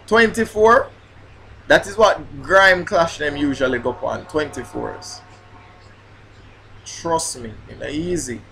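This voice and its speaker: A man's voice: fairly high pitch, slow, creaky, pauses often, sharp tone, a little hiss or hum. A man, a grime MC ranting in a casual vlog about flubbing his bars, swearing and repeating himself. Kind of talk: casual vlog rant while rehearsing bars.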